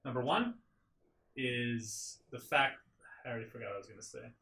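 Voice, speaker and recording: Bright-voiced man reading patch notes. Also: mid-range voice, moderate pace. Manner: reads notes aloud and jokes. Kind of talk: casual gaming chat.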